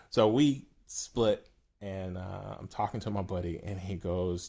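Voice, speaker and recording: A man's voice: fairly low pitch, fairly even intonation, a little slow, dark tone, breathy edge. A man, a yacht broker, telling a personal anecdote in a rambling, self-amused way with frequent restarts.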